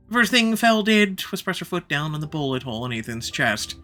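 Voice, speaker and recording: A man's voice: fairly high pitch, big pitch swings, a little fast, pushed and bright, faint music behind. A man reading a visual novel aloud, narrating expressively and shifting his pace for drama.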